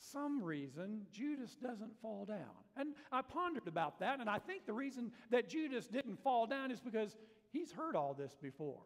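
A man preaching a sermon in a church sanctuary, his fairly high voice ringing out into the long reverb of the hall. He tells the story in a lively, dramatic way and acts out the quoted lines with strong emphasis. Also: normal speed. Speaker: pastor.

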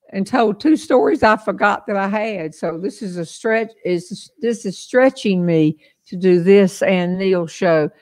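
An older woman with a Southern US accent hosting a casual live-stream chat, folksy and chatty, laughing often. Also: medium pitch. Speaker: host.

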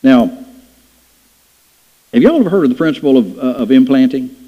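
A man's voice: medium pitch, lively intonation, normal speed. A man preaching a sermon, telling folksy stories and acting out voices in them. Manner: folksy storytelling with playful acted-out voices. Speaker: pastor. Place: church sanctuary. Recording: dull lo-fi church hall recording.

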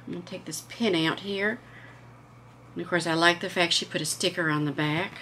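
A woman hosts a casual vlog, chatting and gushing with enthusiasm. Her voice has a bright, forward tone. A faint background hiss sits under the recording. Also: lowish voice, fairly even intonation, a little fast. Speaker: vlog host.

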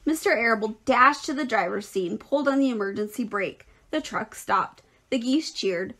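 A woman teacher reading a children's novel aloud in a clear, expressive storytelling voice. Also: a little high, moderate pace.

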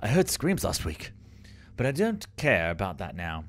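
A man's voice: sits low, huge pitch swings, normal speed, heavily acted. A man doing a brooding put-on Irish-Scottish diarist. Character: male diary writer in a shaky Irish-Scottish accent.

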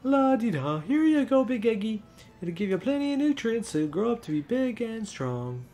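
A man's voice: very high-pitched, big pitch swings, moderate pace, dark tone, faint music behind, voice pushed up, full character voice. A man doing a sing-song egg-doting fellow. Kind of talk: playful character voice during a game playthrough.

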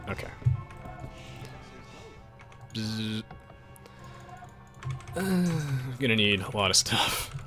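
A man's voice: mid-range voice, sing-song, unhurried, over music. A man giving playful, jokey commentary while live-streaming a strategy game, chatting with viewers. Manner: playful, jokey, bursts into silly voices. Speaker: gaming streamer.

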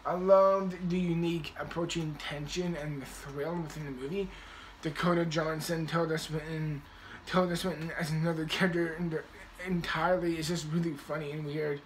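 A man's voice: a little high, fairly even intonation, normal speed, slight background noise, low-quality recording. A man casually reviewing movies in a rambling way, with many restarts and the odd swear word.

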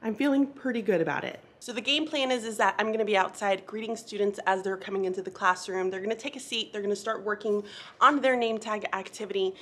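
A woman teacher talks casually to her viewers, recorded on a handheld phone camera in her classroom. Her voice sits at an ordinary middle pitch. She is quick, chatty and upbeat, with a slight nervous edge. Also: fairly bright tone. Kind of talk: casual vlog chat.

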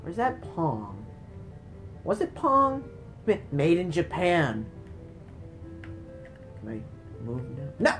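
A woman's voice: low voice, huge pitch swings, slow pace, pauses often, a bit bright, soft background music. A woman giving let's play commentary, taunting enemies and shrieking in frustration at the game. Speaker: gamer playing retro games.

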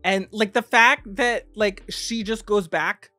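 Young woman, giggly reaction host, slow drawn-out speech, bright tone. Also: mid-range voice, no room sound, soft background music. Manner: giggly, animated, breaks down jokes. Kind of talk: casual chat reacting to clips.

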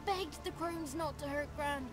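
A woman's voice: sits high, unhurried. A woman voicing a scrappy, nervous young boy godling in a video game, talking in a rustic folksy dialect. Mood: telling. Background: game music.

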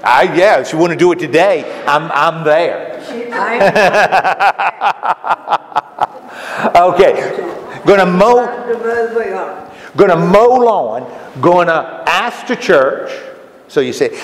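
High, lively man preaching in a hall. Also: very slow, pauses often. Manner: folksy, keeps asking the audience questions. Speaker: lay preacher. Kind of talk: conversational sermon. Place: common room of a retirement home. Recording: echoey hall with faint background noise.

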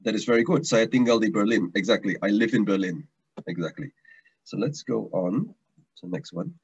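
Teacher, male, low husky voice, chatty and repetitive, dull lo-fi call audio. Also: expressive, fairly quick. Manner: chatty, repeats words, restarts often. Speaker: language teacher. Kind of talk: online taster class, casual teaching. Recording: dull lo-fi online stream audio.

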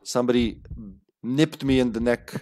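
A man's voice: medium pitch, steady tone, normal speed, darkish tone, faint music behind. A man streaming a game live, commenting with jokes, frequent swearing and laughter. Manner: joking, swearing, laughing often.

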